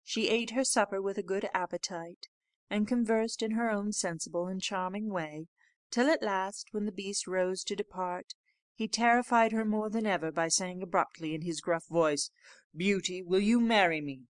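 A woman narrating a fairy tale aloud in a measured, clear storytelling manner. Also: medium pitch, no echo. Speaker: audiobook narrator. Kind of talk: storybook reading.

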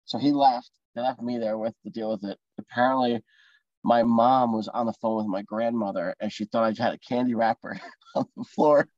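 A man's voice: medium pitch, steady tone, normal speed, a little mellow, dry recording, dull audio. A young man on a podcast telling an embarrassing story in a rambling, laughing way, over a call. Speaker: podcast co-host. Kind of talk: casual storytelling chat.

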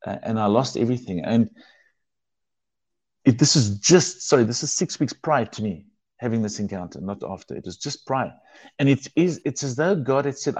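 A man's voice: fairly low pitch, darkish tone, slightly rough, no room sound, lo-fi sound. A man telling his personal testimony in an earnest, emotional way, often restarting his sentences. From South Africa.

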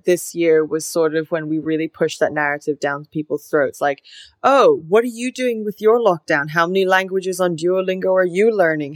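A young woman co-hosts a casual podcast chat in a fairly low voice. She thinks out loud, earnest and reflective, with plenty of "like" along the way. The sound is dry and close, with no room around it. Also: dry recording. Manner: reflective and earnest, heavy use of "like". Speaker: podcast co-host.

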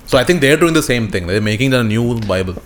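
A man's voice: mid-range voice, animated, fast talker. A man co-hosting a podcast in a casual chat, joking and mocking, with frequent swearing. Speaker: podcast co-host.

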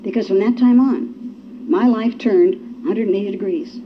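A woman speaks at a recovery meeting in a folksy, storytelling manner, acting out each quote as she goes. Her pitch sits in a middling range. The recording is dull and lo-fi, with faint noise underneath. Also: normal speed. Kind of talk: personal testimony talk.

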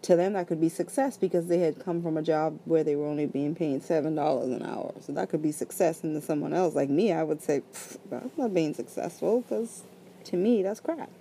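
A woman's voice: sits low, fairly quick, dark tone, slight background noise. A woman co-hosting a casual chat with her husband, sleepy and opinionated, arguing her points. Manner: argumentative, opinionated. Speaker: podcast co-host.

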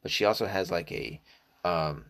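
With a deep, slightly bright voice at ordinary speed, a middle-aged man from the American South talks on his own, swearing, straying off track and filling gaps with ums and the like.

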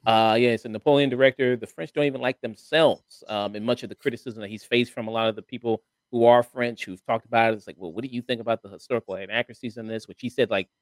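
A man's voice: mid-range voice, fairly even intonation, quick pace, few pauses, no room sound. A man hosting a casual review chat, talking in a rambling way with lots of hesitant fillers. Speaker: podcast host.

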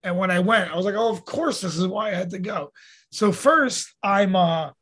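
A man with a notably high and husky voice tells stories in a loose, conversational way. He talks earnestly, drops the occasional swear word and sounds relaxed as a podcast guest. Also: normal speed. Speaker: podcast guest, fitness coach. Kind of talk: casual conversational storytelling.

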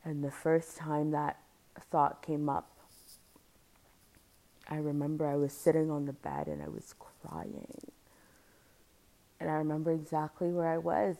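A young woman speaking softly and reflectively as she tells a personal story on a podcast. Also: low voice, gravelly. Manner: soft-spoken and reflective, often quiet.

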